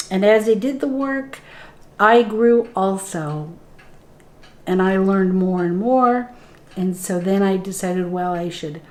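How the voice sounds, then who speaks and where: A woman's voice: medium pitch, darkish tone. A middle-aged woman, a spiritual guide, telling her own story earnestly in a conversation and acting out the dialogue as she goes. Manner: slow, earnest telling that replays dialogue in the moment. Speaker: spiritual guide and interview guest.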